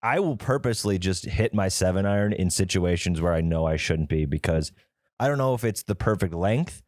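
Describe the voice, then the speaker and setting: A young man with a lowish voice co-hosts a casual golf podcast. He tells stories full of swearing and acts out both sides of the exchange. The recording is dry and close. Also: animated, fairly quick, a little mellow, no room sound. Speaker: podcast co-host. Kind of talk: casual chat.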